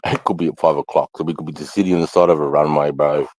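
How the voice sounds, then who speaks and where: A man's voice: a bass voice, steady tone, rapid-fire, darkish tone, no echo, poor audio. A middle-aged Australian man rambling casually to camera, swearing freely and sighing between thoughts. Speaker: vlogger.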